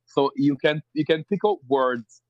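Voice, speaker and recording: A man's voice: a little high, a little slow, dry recording. A man from rural Jamaica with a Jamaican accent, a podcast guest talking casually and animatedly, often repeating himself as he explains. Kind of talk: casual interview chat. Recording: dull lo-fi sound.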